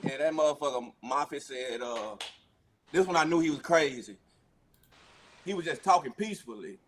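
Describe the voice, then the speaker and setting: A man with a high-pitched voice tells rowdy stories on a casual podcast. He acts out the people he quotes loudly. A clear hiss of background noise sits under his voice. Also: animated, moderate pace. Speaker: guest.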